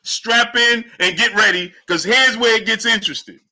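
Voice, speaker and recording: Male livestream boxing host, high lively voice with a very bright edge, hypes the chat. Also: normal speed. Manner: animated, hypes the audience, shouts out chat names. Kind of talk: livestream commentary reading chat.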